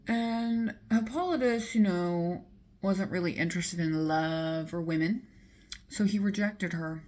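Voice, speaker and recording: A woman's voice: on the low side, a little slow, a little mellow, a little hiss or hum. A woman chatting casually while doing her makeup, retelling a myth with lots of fillers and asides. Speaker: beauty vlogger.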